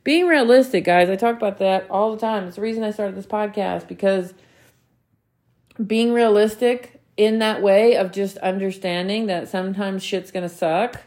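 A woman's voice: mid-range voice, normal speed, darkish tone. A woman in her thirties hosting her own podcast, talking earnestly and emphatically to listeners, repeating key phrases and swearing casually. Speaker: podcast host. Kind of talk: motivational solo podcast talk.

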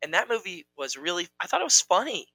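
A young man chatting casually as co-host, rambling and playful as he jumps between topics. His voice is bright and forward, and the sound is close and dry with no room in it. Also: high-pitched, very animated, fast talker, no echo, rough recording. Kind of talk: casual chat.

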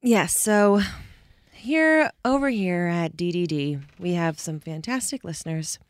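A woman's voice: on the low side, animated, a little slow, clear, resonant tone, dry recording. Giggly woman co-host, dry studio sound. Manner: giggly, chatty. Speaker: podcast co-host, publicist. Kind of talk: casual chat. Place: recording studio.

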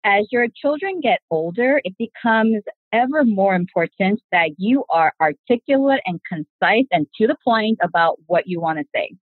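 A woman's voice: mid-range voice, expressive, moderate pace, few pauses, breathy edge, no room sound. A woman in her forties talking earnestly about parenting and communication on a casual podcast, in long reflective sentences. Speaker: podcast guest. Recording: tinny phone-like sound.

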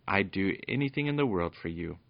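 A man doing a gruff, growling goblin dog. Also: expressive, no echo. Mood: devoted. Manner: low growling delivery, slow and deliberate. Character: loyal gruff goblin dog, fierce but good-hearted. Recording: dull lo-fi recording.

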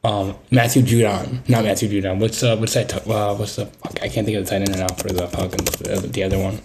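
Brief: young male co-host, lower voice, loose and filler-heavy, slight background hiss. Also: little pitch movement, brisk, darkish tone. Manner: rambling, searches for words with many fillers. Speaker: podcast co-host. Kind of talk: casual sports chat.

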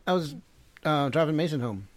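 A man's voice: fairly high pitch, expressive, a little fast. A man co-hosting a casual podcast chat, teasing and laughing easily. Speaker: podcast co-host. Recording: loud noise and clicks.

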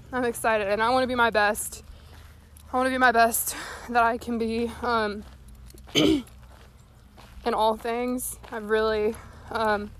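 A young woman chats on her podcast while walking, slightly out of breath. Her voice sits a little higher than usual, and she rambles in a folksy, earnest way. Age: young adult. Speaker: podcast host. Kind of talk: casual solo talk. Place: walking outdoors.

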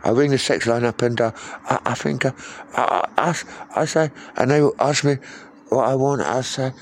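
A man's voice: medium pitch, moderate pace. A man telling a rambling comic monologue, stammering and repeating words over and over.

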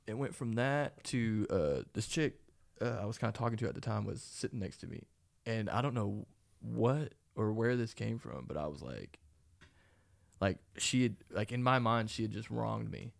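Gravelly young man rambling a story. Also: fairly low pitch, lively intonation, moderate pace. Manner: rambling storytelling, swears often, laughs along. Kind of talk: casual chat.

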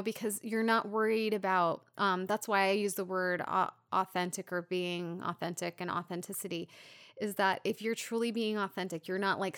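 A woman co-hosting a relaxed podcast, talking as a coach about her work. She laughs easily and thinks aloud, filling her pauses with small hesitations. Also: mid-range voice. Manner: laughs often, warm, thinks aloud with fillers. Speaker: podcast co-host, therapist or coach. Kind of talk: casual conversational podcast.

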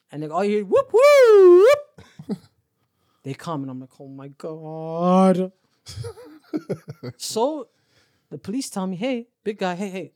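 A young Canadian man with a Toronto accent hosts a podcast and tells a casual story with animation, acting out the quotes and laughing often. His voice is on the high side, recorded with clean studio sound and no echo.

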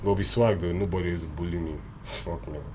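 A man's voice: low-pitched, steady tone, a little fast, mellow, slight background noise. A young man from Nigeria, co-hosting a podcast in casual, joking chat full of profanity. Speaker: podcast co-host.

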